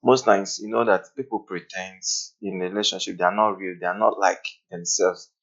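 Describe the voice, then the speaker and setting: A man's voice: sits low, fairly even intonation, a little fast, fairly bright tone. A man on a podcast panel, speaking earnestly and emphatically. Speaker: podcast guest. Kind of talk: casual panel discussion. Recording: lo-fi dull audio.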